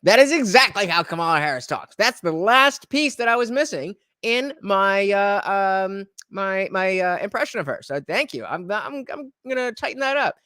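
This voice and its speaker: A man's voice: high-pitched, expressive, moderate pace, few pauses, bright, forceful tone, clean tone, dry recording, clean studio sound. A man hosting a livestream reaction, talking in a rambling casual way with many fillers and restarts.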